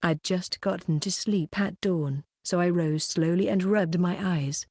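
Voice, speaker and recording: Woman reading an audiobook, low voice, steady, dry close mic. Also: a little slow, few pauses, no room sound. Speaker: audiobook reader. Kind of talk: first-person novel narration.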